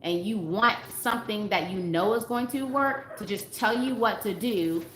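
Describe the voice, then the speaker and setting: A woman's voice: medium pitch, normal speed, a bit bright. A woman dating coach talking casually to livestream viewers, earnest and emphatic, repeating her points and reading comments aloud. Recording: roomy with faint background noise.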